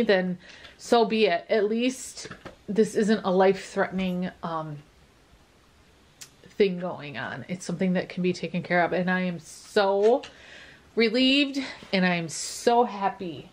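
A woman vlogger talks to her viewers in a casual, emotional way, teary with relief. Her voice sits at an ordinary middle pitch, and she pads her talk with fillers and small restarts. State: tearing up. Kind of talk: casual vlog update.

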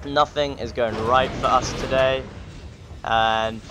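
A man talks through a video game in a sarcastic, joking running commentary. His voice sits at a middle pitch. Game sounds and noise run clearly underneath. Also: fairly even intonation, slow pace, fairly bright tone. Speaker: gaming channel host. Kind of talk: let's play commentary.

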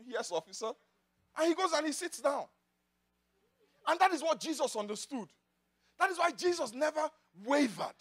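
High-voiced, lively male preacher. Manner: preaching with swings from loud declarations to quiet asides. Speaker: pastor. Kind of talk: sermon. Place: church.

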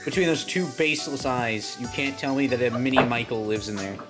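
A woman's voice: very deep voice, brisk, over loud music. A woman voice actor mocking her friends during a live game stream. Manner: mocking, laughing. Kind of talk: casual stream banter.

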